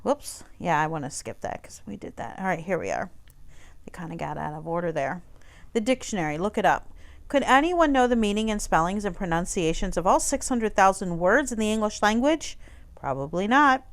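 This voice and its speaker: Woman teacher, clear smooth voice, mid pitch, relaxed, conversational, online lesson. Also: brisk. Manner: relaxed, conversational explaining with frequent fillers. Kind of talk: recorded online lesson walking through a textbook page.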